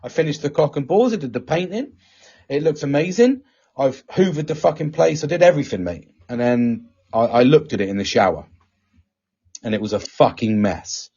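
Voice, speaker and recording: Sweary man, husky voice. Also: medium pitch, normal speed. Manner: sweary animated storytelling. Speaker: podcast host. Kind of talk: casual chat. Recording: dull lo-fi recording.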